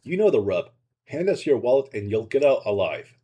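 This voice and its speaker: A man's voice: mid-range voice, big pitch swings, fairly quick, warm tone, slightly rough. A man voicing a menacing male Russian mafia thug with a Russian accent, in a storybook reading, with a taunting, mocking manner.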